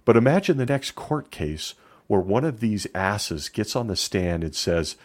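A man's voice: lowish voice, big pitch swings, measured pace. A middle-aged man giving opinion commentary in a sarcastic, emphatic way.

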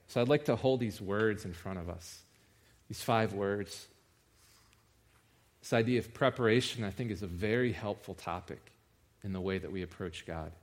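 A man preaching a sermon in a conversational way, rising in pitch and force for emphasis.

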